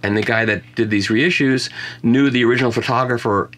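A man's voice: medium pitch, fairly even intonation, a little fast, a bit bright, a little hiss or hum. A man reviewing vinyl records in a casual conversation, chatty and full of self-mocking jokes and restarts. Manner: chatty storyteller who often restarts and jokes about himself.

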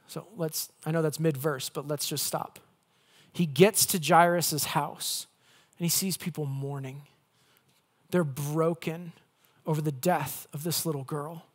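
A male pastor preaching a conversational sermon with playful asides, swinging between loud emphasis and hushed, gentle lines. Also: a little high, steady tone, unhurried.

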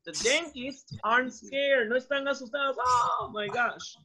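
A woman teaching English, slowly repeating phrases for students to echo and mixing in Spanish. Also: high voice, steady tone, pushed and bright. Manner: switches between English and Spanish. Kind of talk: classroom drilling. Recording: dull lo-fi sound.

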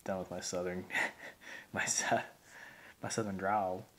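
A man's voice: low voice, steady tone, takes it slowly. A man reviewing a beer on camera in a rambling, folksy way, with lots of fillers and restarts. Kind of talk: casual video review.

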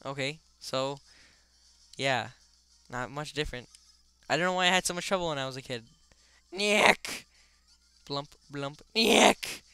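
Young male let's-player, excitable and rambling; crisp, bright tone. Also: medium pitch, brisk, long pauses, no room sound, faint music behind. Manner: rambling, full of "like" fillers; excitable outbursts. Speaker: let's play gamer. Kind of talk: casual gameplay commentary.

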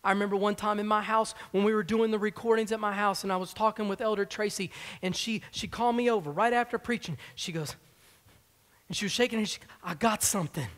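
Quiet high-voiced man preaching, sanctuary echo. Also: fairly even intonation. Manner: quiet and measured, sometimes dropping to a whisper. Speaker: minister. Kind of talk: sermon. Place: church sanctuary. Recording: reverberant church sanctuary.

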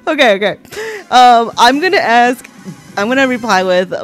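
A woman's voice: fairly high pitch, expressive, moderate pace, faint music behind. A woman from Texas chatting on her stream, giggly and gushing, swearing casually.

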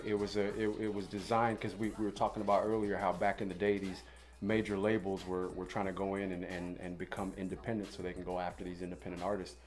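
A man's voice: fairly low pitch, a little mellow. A man chatting as a podcast guest, laid-back and full of easy fillers. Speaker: guest, musician and actor. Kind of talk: casual chat.

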